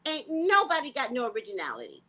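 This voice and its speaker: A woman's voice: a little high, fast. A woman psychic hosting her own vlog, rambling bluntly and casually. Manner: animated, blunt, sings and repeats phrases.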